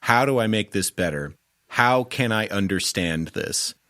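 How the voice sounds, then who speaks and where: A man hosting a podcast interview who speaks haltingly, pausing often to search for words. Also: lowish voice, expressive, sharp tone, no room sound, studio quality. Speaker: podcast host.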